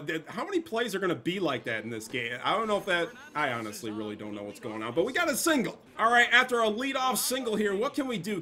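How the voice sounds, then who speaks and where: Young male gaming streamer, high lively voice, bright and sharp, profane hype commentary. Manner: excitable, profane trash talk. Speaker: gameplay streamer.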